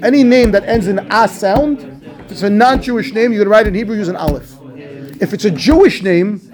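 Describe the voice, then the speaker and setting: A man, a rabbi, teaching a class on a scriptural text, asking questions and answering them himself in a lively way. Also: sits high, fairly quick. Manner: animated, asks and answers his own questions. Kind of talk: Torah class commentary.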